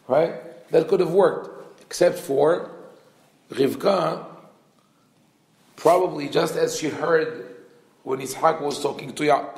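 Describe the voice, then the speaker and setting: A man's voice: on the high side, roomy sound. A man, a rabbi, giving a conversational Torah lecture, acting out dialogue with frequent restarts. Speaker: rabbi teaching a class.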